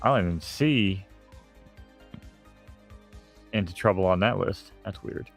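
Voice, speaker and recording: Man, New York accent, low voice, casual rambling stream host. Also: unhurried, gravelly, soft background music. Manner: rambling, self-mocking, breaks into laughs. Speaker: stream host and horse owner. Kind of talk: casual live-stream chat.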